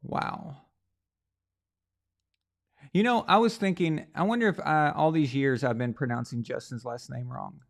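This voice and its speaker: A man's voice: fairly high pitch, unhurried, vocal fry, pauses often. Joking man hosting a live sports stream. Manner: joking, rambling, mock French voice at times. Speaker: host. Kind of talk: live-stream chat, reading viewer comments.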